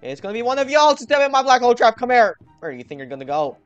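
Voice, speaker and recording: A man's voice: extremely high pitch, very fast, dull audio, faint music behind. A young man commentating his gameplay with lots of energy, talking straight to his viewers. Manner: energetic, talks to viewers, hypes himself up. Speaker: gaming video host.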